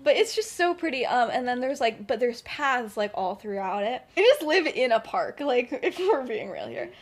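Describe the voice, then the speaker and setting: A woman's voice: fairly high pitch, big pitch swings, moderate pace. A young woman on a podcast, casually retelling her fan-fiction story, chatty and full of "like" and "um". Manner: chatty, full of "like" and "um", laughs often. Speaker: podcast co-host.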